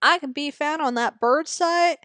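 A woman co-hosting a casual comedy podcast, playful and quick to laugh. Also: sits high, fairly bright tone, no echo. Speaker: podcast co-host.

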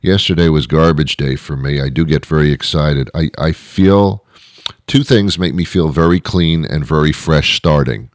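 A middle-aged man with a strikingly deep, low voice wanders through a comic monologue as a show host. He drops dry, deadpan asides as he rambles from one thought to the next, and the sound is close and dry with no room around it. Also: moderate pace, no room sound. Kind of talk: comedic monologue.

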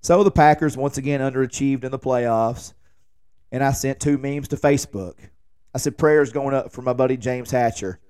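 A man in his forties tells a long story on his own podcast. He rambles casually and jokes his way through it. His voice sits at an everyday middle pitch. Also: normal speed, smooth. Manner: rambling, joking, animated when quoting himself. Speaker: podcast host. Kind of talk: casual late-night storytelling monologue.

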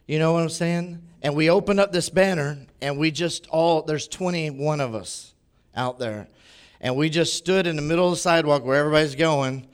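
A man preaching a sermon as pastor, telling a personal story in a conversational, animated way. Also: a little high, moderate pace, smooth.

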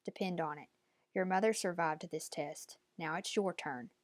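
A woman's voice: on the low side, normal speed, no echo, lightly acted. A woman voicing a stern imperious old matriarch. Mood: commanding. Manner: imperious, clipped commands. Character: stern, commanding old woman, a revered elder.

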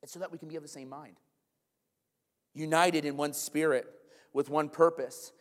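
A man preaching a sermon to his congregation, animated, with conversational asides. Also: fairly high pitch, in a large hall. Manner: animated, talks to the congregation with asides and quick acted-out quotes. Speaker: pastor.

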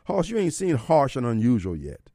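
A man's voice: mid-range voice, huge pitch swings, normal speed, mellow, dry recording, clean studio sound. A man hosting a radio talk show, preaching his opinions and firing off rhetorical questions. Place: radio studio. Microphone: studio microphone.

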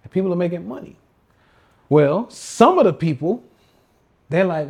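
Man, husky voice, slightly high, slangy livestream rant, emphatic and repetitive. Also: big pitch swings, moderate pace, darkish tone. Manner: slangy, emphatic, repeats himself. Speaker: podcast host and trading coach.

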